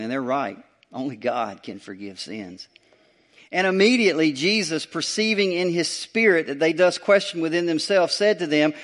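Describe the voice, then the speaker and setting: A man preaching a sermon. His voice sits a little high and climbs in bursts as he presses a point. He repeats lines for emphasis and then drops low and quiet. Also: animated, moderate pace. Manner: emphatic preaching with repeated phrases and rising surges. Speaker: pastor.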